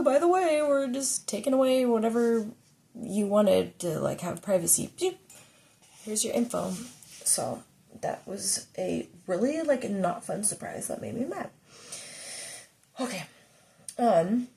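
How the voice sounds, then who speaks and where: A woman's voice: lowish voice, creaky, a little mellow. A woman vlogger chatting casually to camera and giving safety tips, rambling with lots of fillers and swearing when she's annoyed.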